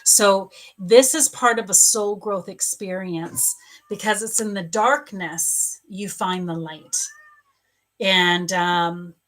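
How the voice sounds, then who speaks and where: A woman psychic medium giving a live reading at home, gently sympathetic, halting with pauses and fillers. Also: mid-range voice. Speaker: spiritual coach and psychic medium. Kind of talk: live psychic reading answering viewers' questions.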